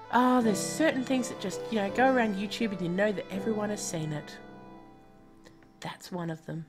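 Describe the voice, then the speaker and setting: A woman chatting casually on a live game stream, self-deprecating and talking to herself as she plays. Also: mid-range voice.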